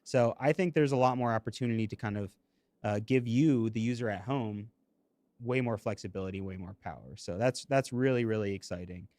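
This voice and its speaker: A man's voice: on the low side, brisk, a little mellow, no echo. A man hosting a live streaming tech podcast, chatting casually and drawing in the audience. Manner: upbeat, engaging the audience. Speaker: podcast host.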